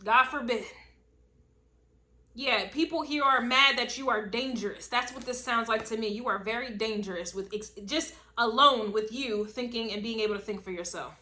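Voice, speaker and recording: A woman giving a casual spoken tarot reading, emphatic and slangy, repeating a refrain and swinging between loud bursts and low asides. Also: normal speed. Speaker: tarot reader.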